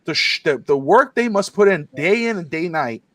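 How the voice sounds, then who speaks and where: A man co-hosting a sports podcast, telling stories in quick, excitable bursts with lots of asides. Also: a little high. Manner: fast, excitable storytelling with quick asides and laughs. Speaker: podcast co-host. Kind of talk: casual sports podcast chat.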